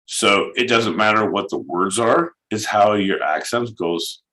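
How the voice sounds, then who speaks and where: A man co-hosting a podcast, crude, loud and joking. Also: on the low side, measured pace. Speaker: podcast co-host. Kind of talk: casual comedic chat.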